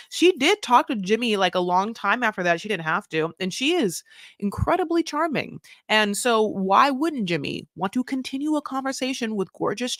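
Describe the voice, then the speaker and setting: A woman's voice: medium pitch, fairly bright tone, dry recording, studio quality. A woman co-hosting a casual reality-show recap podcast, delivering opinionated run-on rants with casual swearing. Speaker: podcast co-host.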